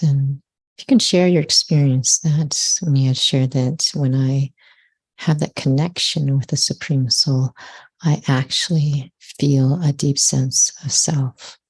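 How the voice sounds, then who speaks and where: A woman hosting an interview, asking questions in a soft conversational way. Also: rumbling low, slightly rough, no echo. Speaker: interviewer, host.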